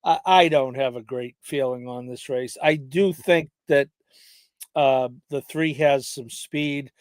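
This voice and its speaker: A man co-hosting a podcast, casually talking through his horse race picks in a hesitant way, with many pauses and restarts. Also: medium pitch, steady tone, no echo. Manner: hesitant, lots of fillers and restarts. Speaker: podcast co-host handicapping horse races. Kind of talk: casual chat.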